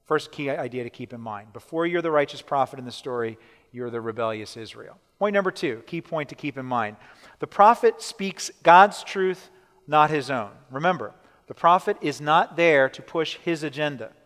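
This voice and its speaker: A man preaching a sermon, emphatic, repeating his key points and slowing down to stress them, often checking in with the listeners. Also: a little high, lively intonation, fairly bright tone. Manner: asks the listeners questions. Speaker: pastor. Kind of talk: sermon teaching. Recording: long hall reverb.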